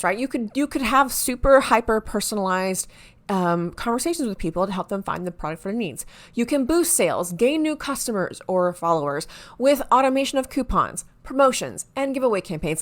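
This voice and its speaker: A woman hosting a marketing explainer video, talking excitedly and sometimes stumbling over her words, with quiet asides. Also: medium pitch, moderate pace. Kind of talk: enthusiastic to-camera explainer.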